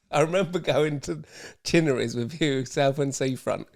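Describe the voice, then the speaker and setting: A man's voice: fairly high pitch, moderate pace, vocal fry. Laid-back man hosting a chat podcast. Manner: laid-back, laughing, swearing banter. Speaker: podcast host. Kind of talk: casual chat.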